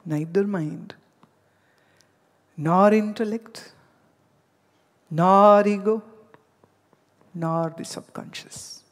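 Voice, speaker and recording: A woman's voice: medium pitch, extremely slow, long pauses, big-room sound. A woman from India giving a spiritual discourse, telling stories and addressing her listeners directly. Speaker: spiritual teacher.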